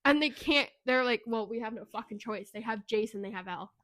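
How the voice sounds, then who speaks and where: Animated, swearing woman recapping a book. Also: fairly high pitch, fairly quick, no echo. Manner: animated, profane retelling. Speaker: podcast co-host. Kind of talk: casual book review chat.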